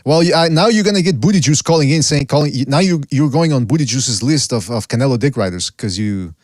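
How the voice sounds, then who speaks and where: A man's voice: medium pitch, expressive, quick pace, a little mellow, no room sound, studio quality. A man hosting a boxing call-in podcast, teasing callers and laughing often. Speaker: podcast host.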